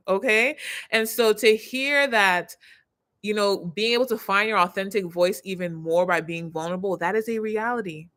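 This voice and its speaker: A woman in her thirties, a personal branding coach, talking on a live stream in an expressive way that swings from soft to loud. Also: mid-range voice.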